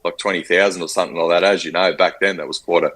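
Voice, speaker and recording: A former rugby league player in his forties with an Australian accent, telling stories in a casual interview, animated and full of fillers. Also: sits low, racing, husky. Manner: animated storyteller, acts out quotes, frequent fillers.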